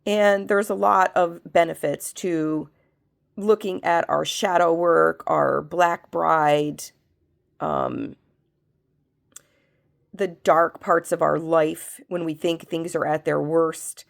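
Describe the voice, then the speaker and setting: A woman who has a cold, working as a medium, leads a spiritual pendulum reading and asks slow yes-no questions that she answers herself. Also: low-pitched, steady tone, gravelly. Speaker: medium and reiki practitioner.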